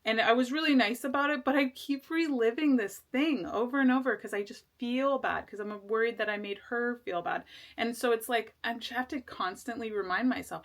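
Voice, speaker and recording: A woman's voice: on the high side, moderate pace. A woman giving a casual tarot reading, rambling with lots of fillers and restarts, earnest and reassuring. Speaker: tarot reader.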